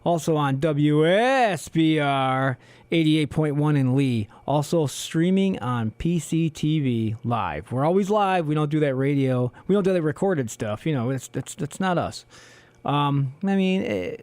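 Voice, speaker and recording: A man co-hosting a community radio show in casual solo talk, hoarse from losing his voice, rambling with many fillers, in a small studio on a studio microphone. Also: fairly high pitch, lively intonation, a little slow, darkish tone, no echo. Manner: rambling, heavy on "you know" fillers.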